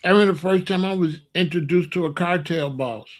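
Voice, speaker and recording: A man's voice: high-pitched, brisk. A man telling a street story in a repetitive, emphatic monologue. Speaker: podcast host.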